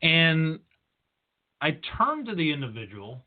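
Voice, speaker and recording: Slow, tinny-sounding male podcast host. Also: a little high, sing-song. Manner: deliberate, lecturing storyteller. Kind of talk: career advice monologue. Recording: tinny phone-line sound.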